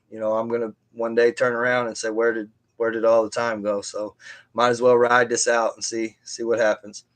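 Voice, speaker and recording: A man on a live stream telling a story from his own life in a casual, rambling way, with many restarts and side remarks. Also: medium pitch. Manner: rambling, with frequent restarts and asides.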